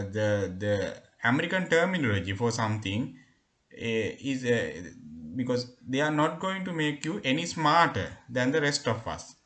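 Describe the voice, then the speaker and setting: A man's voice: mid-range voice, fairly bright tone. A man with a Sri Lankan accent teaching a spoken English lesson, explaining patiently with frequent "uh" fillers. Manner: explanatory, many hesitation fillers.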